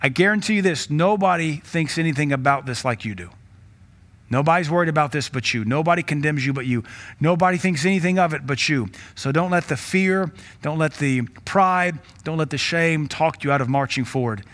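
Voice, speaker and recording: A Southern American pastor preaches in a slightly high-pitched male voice. He drives his points home with urgency and pushes his voice up sharply when he acts out stern rebukes. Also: fairly quick, fairly bright tone. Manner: exhorting, rises sharply when voicing quoted rebukes. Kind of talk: sermon.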